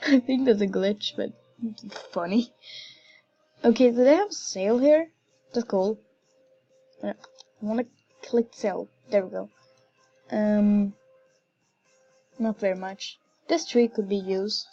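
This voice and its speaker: Slow-talking woman game commentator, giggly and gushing, dull recording. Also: medium pitch, steady tone, mellow. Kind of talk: casual gameplay commentary.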